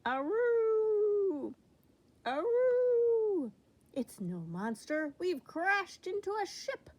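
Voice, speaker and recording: A woman voicing an excitable, cheerful pirate dog who howls. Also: high-pitched, slow, pitched above the performer's own voice, full character voice. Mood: eager. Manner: howling, eager.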